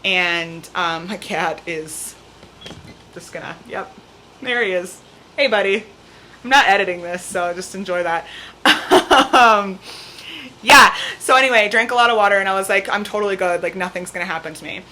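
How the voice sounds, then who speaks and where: A young woman with a bright, clear-edged voice tells a story straight to camera from her home, with her cat on her lap. She talks casually and animatedly, and "like" turns up in nearly every sentence. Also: mid-range voice, moderate pace. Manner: chatty, peppered with "like", animated retelling. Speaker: vlogger.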